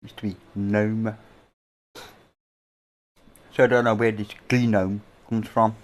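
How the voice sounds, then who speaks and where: A middle-aged man with an English accent talks through a casual livestream from indoors at home. His voice sits a little low, and he rambles along in an offhand way, dropping the odd casual swear word. He speaks close to a boom-mounted microphone. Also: level tone, rapid-fire. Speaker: livestream host.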